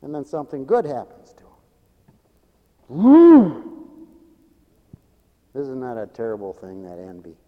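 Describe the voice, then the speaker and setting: A man preaching a sermon with dramatic swings from loud exclamations to hushed asides. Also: medium pitch, lively intonation, moderate pace, pauses often, narrow, tinny audio. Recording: long echoing reverb of a large hall.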